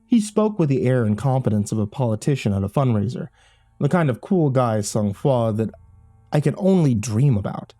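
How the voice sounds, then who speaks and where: Mellow-voiced man narrating horror. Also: mid-range voice, very animated, normal speed, soft background music. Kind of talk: first-person audiobook narration.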